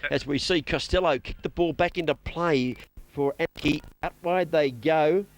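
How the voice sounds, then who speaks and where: A man with an Australian accent calling local football play by play, excitable and rapid. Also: on the high side. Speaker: play-by-play commentator.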